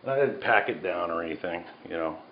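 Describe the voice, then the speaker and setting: A man's voice: sits low, animated, fast. A man cooking at home and talking casually, rambling with self-mocking jokes as he goes. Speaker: home cook. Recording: dull sound, faint background noise.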